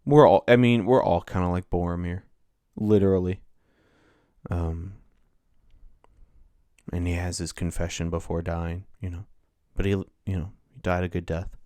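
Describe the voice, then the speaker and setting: A man's voice: sits low, fairly even intonation, normal speed, dark tone, no echo, studio quality. A man hosting a solo podcast, talking casually and rambling, interrupting himself as he goes. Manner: rambling, self-interrupting, offhand. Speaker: podcast host.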